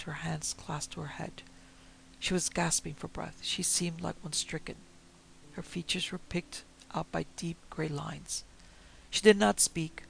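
Male narrator, gravelly and a little high, reading a period tale. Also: a little hiss or hum, low-quality recording. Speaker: audiobook narrator. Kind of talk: reading a Victorian story aloud.

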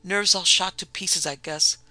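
A man's voice: on the high side, moderate pace, creaky, sharp tone, dry recording, exaggerated voice. A man voicing a stammering terrified convict. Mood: pleading. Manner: stammering, teeth-chattering pleading.

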